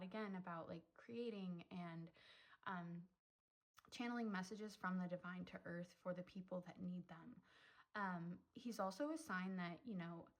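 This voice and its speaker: A woman's voice: mid-range voice, poor audio. A young woman giving a casual pick-a-card tarot reading, chatty and effusive, filling her talk with "um" and "like" and getting emotional. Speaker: tarot reader.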